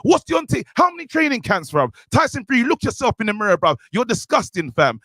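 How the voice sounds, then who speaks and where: A man's voice: extremely high pitch, sing-song, brisk, very noisy. Fired-up man ranting. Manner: ranting, worked up, calls out a boxer directly. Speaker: podcast co-host. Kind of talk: heated rant.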